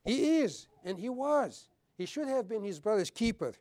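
A man preaching a sermon, earnest and repeating his words, at times dropping low and soft for solemn points. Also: sing-song, normal speed. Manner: earnest, repeats words, clears throat often.

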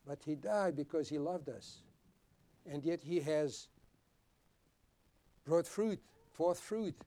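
A man preaching a sermon, earnest and repeating his words, at times dropping low and soft for solemn points. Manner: earnest, repeats words, clears throat often.

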